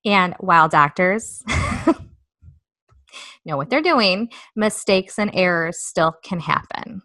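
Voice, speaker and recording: Woman, 30s, co-host; bright tone, dry close sound, animated storyteller. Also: lowish voice, slow, dry recording. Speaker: podcast co-host. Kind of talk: casual storytelling chat.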